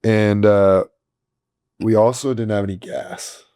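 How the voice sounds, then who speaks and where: A man co-hosting a podcast, telling stories in a casual, animated, joking way. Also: fairly low pitch, slow, clean tone, no room sound, clean studio sound. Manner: animated storyteller, joking and laughing. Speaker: podcast co-host. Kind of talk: casual chat.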